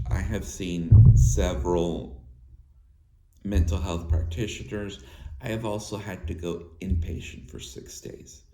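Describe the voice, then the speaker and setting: A man in his thirties with a slight lisp, talking in a halting way to his viewers, with restarts and filler words. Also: low voice, warm tone, a little hiss or hum. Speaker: vlogger. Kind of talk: personal talk to viewers. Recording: echoey room with faint ambience.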